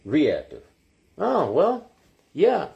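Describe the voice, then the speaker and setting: Male folk singer-host, slow and lively ballad delivery, guitar behind. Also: fairly high pitch, gravelly, lo-fi sound. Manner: slow, lingering ballad singing; halting, with many restarts. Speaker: musician and live-stream host. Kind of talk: casual joke-telling. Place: home live stream. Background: acoustic guitar.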